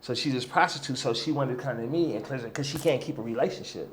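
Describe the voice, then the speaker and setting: A man telling a story as a guest in a casual interview, animated, often checking in with "right?" and "you know what I'm saying?". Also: mid-range voice, quick pace, a little hiss or hum. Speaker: guest healer.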